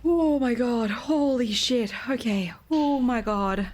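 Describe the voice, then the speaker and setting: A young woman streaming a game, giggling often and swearing loudly between her comments. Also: on the high side, slow pace. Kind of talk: casual gameplay commentary.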